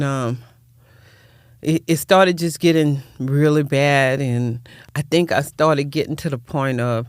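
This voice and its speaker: A woman's voice: a bass voice, no echo, studio quality. An older woman, recounting her life as a guest in an interview in a heartfelt, rambling way that repeats words. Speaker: guest, nonprofit founder. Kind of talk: personal storytelling in interview.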